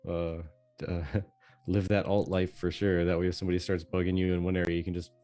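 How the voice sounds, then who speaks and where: Deep-voiced man podcast co-host. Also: soft background music. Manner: animated storyteller, drawn-out explanations. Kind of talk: casual gaming chat.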